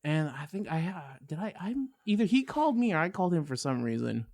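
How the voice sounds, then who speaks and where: A man's voice: a little high, very animated, fairly quick, darkish tone. A young man hosting a casual podcast, telling stories with lots of swearing and laughter. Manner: profane, laughing storyteller. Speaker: podcast co-host. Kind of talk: casual chat.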